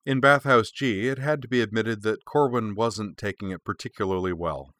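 A man narrating an audiobook in a measured, expressive reading. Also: fairly low pitch, no echo.

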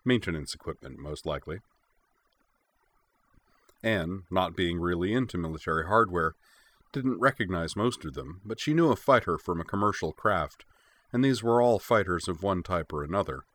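Deep-voiced man narrating a fantasy audiobook. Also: lively intonation, moderate pace, fairly bright tone, no room sound. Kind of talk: scripted narration.

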